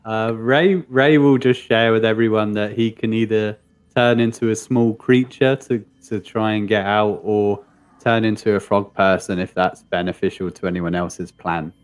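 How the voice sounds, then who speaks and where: Low-voiced male tabletop player. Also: fairly even intonation, moderate pace, clear, resonant tone. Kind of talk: casual tabletop chat.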